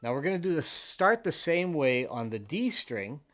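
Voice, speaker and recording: A man's voice: fairly high pitch, big pitch swings, moderate pace, fairly bright tone, faint music behind. A man giving a patient fiddle lesson, explaining scales and counting the beats aloud. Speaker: fiddle teacher. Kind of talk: step-by-step instrument lesson. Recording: with fiddle playing in between.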